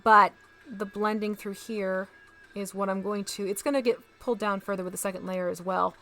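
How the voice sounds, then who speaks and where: A woman's voice: mid-range voice, fairly even intonation, normal speed, sharp tone. A woman hosting a casual live stream, chatting to viewers as she paints miniatures and talks through each step.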